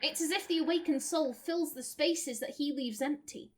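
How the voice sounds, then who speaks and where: A woman voicing a brisk female scholar who studies souls, speaking in a clinical, businesslike way. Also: high-pitched, close to an everyday voice.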